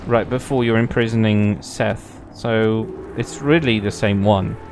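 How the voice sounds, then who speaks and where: A man's voice: lowish voice, steady tone, a little slow, over music. A young man streaming a game, chatting casually, playful and swearing freely. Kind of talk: casual gameplay commentary.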